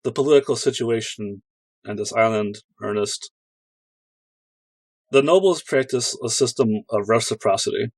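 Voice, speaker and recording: A man's voice: mid-range voice, darkish tone, no echo, close to an everyday voice. Guy doing a stiff noble ruler, formal, guarded, plain mid voice, dry sound. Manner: measured, formal, slow speech.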